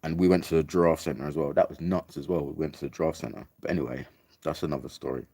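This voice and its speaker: A man's voice: extremely low pitch, steady tone, fast, dark tone, dry recording. A young English man casually telling a rambling, sweary story about a trip, full of "like" and "mate". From England. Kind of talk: casual anecdote.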